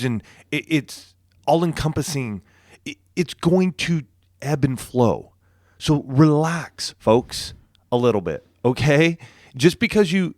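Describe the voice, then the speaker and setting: A man co-hosting a marriage podcast, talking in a relaxed, reassuring way with frequent restarts. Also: a little high, dry recording, clean studio sound. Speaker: podcast co-host. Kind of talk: casual marriage podcast talk.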